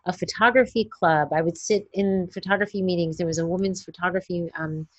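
A woman's voice: fairly low pitch, a little fast, no echo. A woman in her forties from New York, telling stories in an interview and acting out quoted voices. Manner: animated, acts out quoted voices. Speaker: guest, newborn photographer. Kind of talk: interview storytelling.

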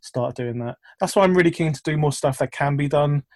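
A man's voice: on the high side, fairly quick, no room sound. A man, a filmmaker, chatting casually in an interview, rambling with lots of fillers and restarts. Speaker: filmmaker guest.

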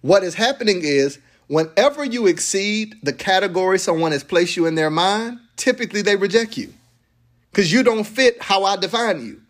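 A man preaching a sermon to a live congregation, animated and playful, mixing slang and laughter into his teaching. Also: sits high, normal speed. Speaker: pastor. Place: church sanctuary with congregation.

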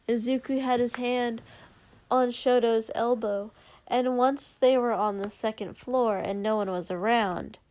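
A woman narrating a story in a steady, unhurried reading. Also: on the high side, dry recording. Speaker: audiobook narrator. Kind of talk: story narration read aloud.

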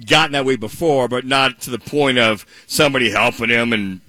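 A man's voice: mid-range voice, brisk, pushed and bright, no room sound, rough recording. A man co-hosting a sports radio show in chatty, easygoing banter. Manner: laughs easily, chatty banter. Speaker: radio co-host. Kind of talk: casual sports talk.

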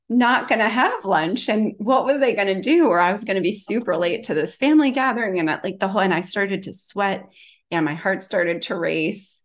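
Chatty woman wellness practitioner, rambling. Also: medium pitch. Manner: rambling, many "like" fillers, animated storytelling. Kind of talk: casual conversation.

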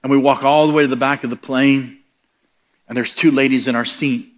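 An American man preaching, telling a funny travel story with lively comic voices. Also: medium pitch, brisk. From United States. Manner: animated, comic voices in quoted lines. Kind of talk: storytelling sermon.

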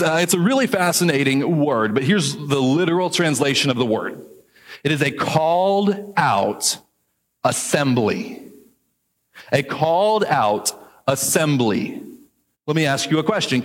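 Lively preacher man in a reverberant hall. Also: a little high, husky. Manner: lively, joking asides, drawn-out emphasis on key words. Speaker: pastor. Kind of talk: sermon.

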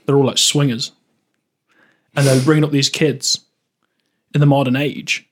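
A man's voice: mid-range voice, little pitch movement, moderate pace. A man co-hosting a podcast, rambling casually about films with lots of laughs and restarts. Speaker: podcast co-host.

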